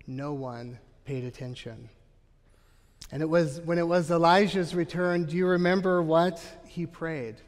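Pastor, male, emphatic sermon delivery, fairly high voice, echoing sanctuary sound. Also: darkish tone. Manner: earnest, emphatic preaching with frequent "Right?" asides.

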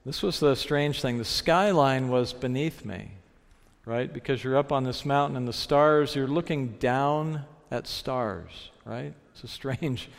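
A man giving a sermon, telling a story reflectively and slowing down to stress key phrases. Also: mid-range voice, vocal fry. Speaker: preacher. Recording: long reverb of a large hall.

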